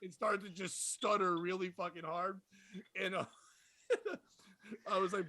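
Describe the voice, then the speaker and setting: A man with a high, bright, sharp voice tells a rowdy comedy club story in casual chat. He talks animated and profane, laughing as he goes. The sound is close and dry. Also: takes it slowly, no echo. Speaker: podcast host and comedian.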